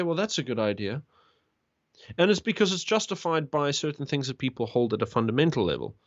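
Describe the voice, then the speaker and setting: South African male guest, thoughtful and halting, muffled dry lo-fi sound. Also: fairly high pitch, dry recording. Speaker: guest, fellow YouTuber. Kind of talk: casual interview conversation.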